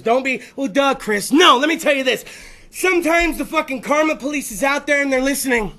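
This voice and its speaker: Podcast host, male, very high, bright voice, profane rambling comic rant. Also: gravelly. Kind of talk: comedic rant.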